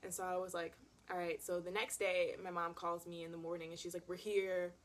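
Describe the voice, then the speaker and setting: A young woman recounting a story to camera in a casual, animated way, peppering her talk with "like". She sounds dramatic and expressive. Her voice sits a little lower than most women's. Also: quick pace. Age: young adult. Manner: animated and dramatic, heavy use of "like". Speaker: vlogger.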